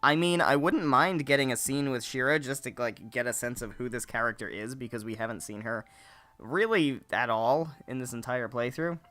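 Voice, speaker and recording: Bright-voiced joking let's-play man. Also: medium pitch, normal speed. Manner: joking, crude asides between read lines. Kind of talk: reading a visual novel aloud with commentary.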